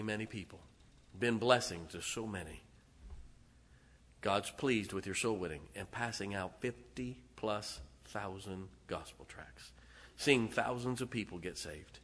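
A man preaching a sermon as pastor, emphatic and laughing between lines, swinging from loud to soft. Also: fairly low pitch, slightly rough. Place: large church auditorium. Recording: long hall reverb.

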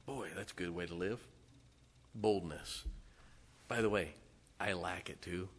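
A man's voice: sits low, a little slow, slightly rough. A middle-aged man preaching a sermon in a church, conversational, with asides and chuckles between points. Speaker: pastor.

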